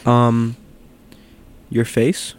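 A man co-hosting in casual banter with a dry, deadpan delivery. His voice is at an ordinary middle pitch. He drops quick, understated jabs. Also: soft background music.

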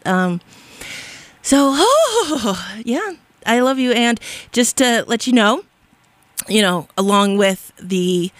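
A woman's voice: medium pitch, no echo. A woman hosting a radio show from a studio, talking in a bubbly, effusive, rambling way with frequent giggles. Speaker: radio DJ and host. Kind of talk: casual radio DJ chat.

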